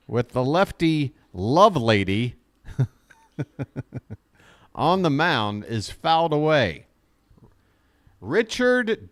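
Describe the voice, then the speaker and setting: A man calling a baseball game as a fan streamer, chatting directly with his viewers and getting excited on big plays. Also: medium pitch, dry recording. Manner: chatty, talks straight to his chat viewers. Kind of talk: live fan play-by-play commentary.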